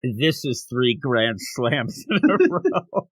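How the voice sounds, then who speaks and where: A man co-hosting a comic review podcast, recapping scenes in a casual, jokey way and dropping quick voices for the characters. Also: mid-range voice, sing-song, husky, no room sound. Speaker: podcast co-host reviewing manga. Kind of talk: casual chat.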